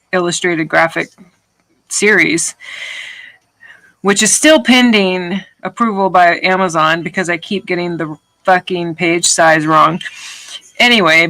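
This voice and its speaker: A woman with a lowish, pushed, bright voice chats casually on a livestream while making art, rambling and swearing now and then. The recording quality is low.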